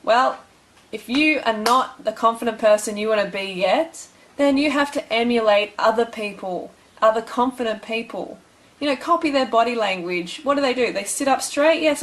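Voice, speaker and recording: A woman's voice: on the high side, normal speed, a bit bright, low-quality recording. A young woman giving blunt, bossy, tough-love advice in a motivational vlog.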